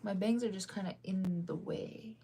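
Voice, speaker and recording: A woman's voice: mid-range voice, steady tone, normal speed, dark tone, breathy edge. A young woman chatting casually to her viewers, rambling and indecisive, laughing often as she talks things through. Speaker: vlogger.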